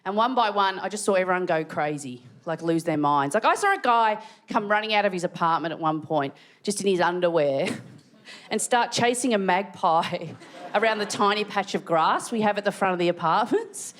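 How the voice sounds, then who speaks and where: An Australian woman performs a stand-up comedy set in a large theatre, narrating stories and bursting into shrieked impressions of what people said. Her medium-pitched voice is animated and a bit bright, at normal speed, while the audience laughs.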